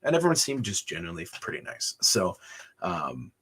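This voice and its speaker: A man's voice: low voice, wildly swooping pitch, fairly quick, pushed and bright, breathy edge. A man on a livestream, telling his life story casually, chuckling often and rambling with fillers. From Canada. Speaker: livestream host.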